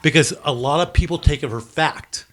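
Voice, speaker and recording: A man's voice: fairly high pitch, a little fast. A man who spoke Spanish as a child, with a slight lisp, co-hosting a casual chat at home and rambling as he explains history. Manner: rambling, repeats words while explaining history. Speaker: co-host. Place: home in New Mexico.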